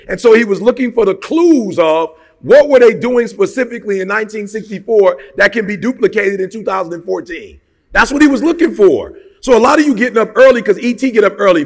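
High gravelly motivational speaker in a hall. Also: male voice, fairly bright tone. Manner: emphatic and colloquial, fires rhetorical questions. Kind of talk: motivational talk.

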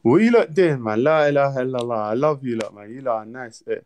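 A man's voice: mid-range voice, quick pace, a little mellow, a little hiss or hum. Laid-back man hosting a livestream. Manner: laid-back, slang-heavy, banters with viewers. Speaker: livestream host. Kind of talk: casual livestream chat.

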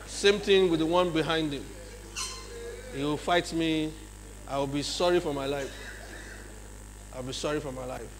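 A man with a Nigerian English accent giving a lively leadership seminar talk in a large church hall, often checking in with his audience. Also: on the high side, moderate pace, long pauses. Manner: acts out examples in changed voices. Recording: long hall reverb, faint mains hum.

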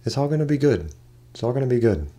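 A man's voice: medium pitch, very animated, fast, warm tone. A man doing a breezy, evasive woman musician. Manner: breezy, evasive, calls people honey. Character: laid-back secretive woman ukulele player.

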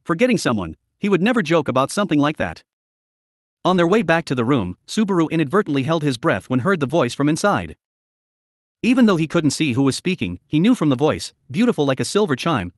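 A man narrating a novel as an audiobook in an expressive storytelling manner. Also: on the high side, fairly quick, dry recording, studio quality.

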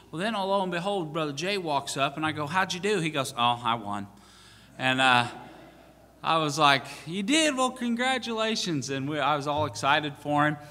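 Joking pastor in a reverberant church. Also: male voice, a little high, pushed and bright. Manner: joking, self-mocking, many fillers and restarts. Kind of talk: storytelling from the pulpit. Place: church sanctuary.

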